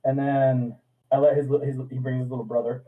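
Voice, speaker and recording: A man telling a profane, animated story in casual podcast chat. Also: medium pitch, fairly quick. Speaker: podcast guest. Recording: distant, phone-like sound.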